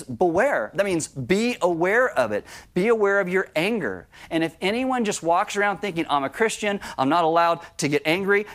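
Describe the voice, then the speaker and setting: Guy pastor preaching, chatty sermon, kinda high voice, does little voices for examples. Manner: conversational preaching with acted-out asides.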